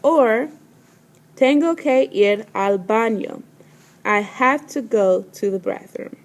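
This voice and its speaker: A woman's voice: fairly high pitch, creaky. A woman teacher leading a vocabulary pronunciation lesson, saying each word carefully and repeating it. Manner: slow, careful pronunciation with words repeated twice.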